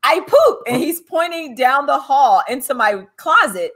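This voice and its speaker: A woman hosting a podcast, telling funny parenting stories in a casual, animated way and acting out quotes. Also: high-pitched, unhurried, very noisy. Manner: animated, laughing, acts out quotes. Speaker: podcast host and author. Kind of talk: casual chat, storytelling.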